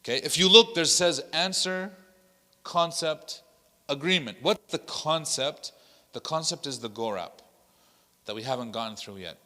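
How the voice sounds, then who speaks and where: Bright-voiced man teaching in an echoey hall. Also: on the high side, unhurried. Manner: animated storytelling, acting out quoted people; sprinkles Arabic phrases into English. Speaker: imam teaching a workshop. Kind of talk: workshop lecture. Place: large hall at an Islamic center.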